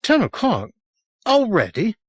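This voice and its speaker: A man doing a frightened little boy, high and pleading. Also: big pitch swings, slow pace, a bit bright, dry recording, full character voice. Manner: urgent, insistent. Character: frightened lost young boy, tearful.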